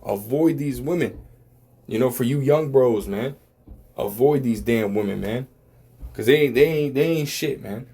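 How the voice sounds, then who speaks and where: A man's voice: mid-range voice, a little slow, warm tone, husky. A man giving a casual religious talk, rambling and profane, with many filler words.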